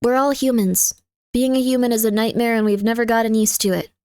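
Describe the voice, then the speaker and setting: Young woman streamer, relaxed and jokey, thanks her chat a lot; higher voice, close and dry. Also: brisk, clean tone, no room sound. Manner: chatty and jokey, thanks viewers by name. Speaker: livestreamer. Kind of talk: casual live-stream chat.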